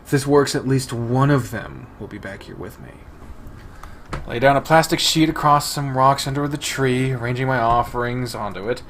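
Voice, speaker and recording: A man hosting a let's-play, reading a visual novel aloud with expressive delivery that swings between soft and loud. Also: mid-range voice, normal speed, slight background noise. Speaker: game let's-play host.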